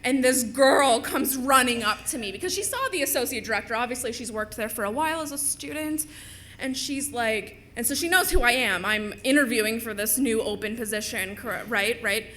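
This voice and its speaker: A young woman from Minnesota telling a personal story on stage to a live audience, chatty and animated. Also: fairly high pitch, a little fast, slight background noise.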